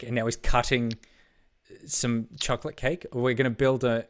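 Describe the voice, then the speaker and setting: A man co-hosting a game broadcast, bantering casually. He teases his partner and rambles through stories with plenty of ums and uhs. His voice sits at an ordinary middle pitch. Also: little pitch movement, normal speed. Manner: playful, teasing, rambling with many fillers. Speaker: esports broadcast co-host.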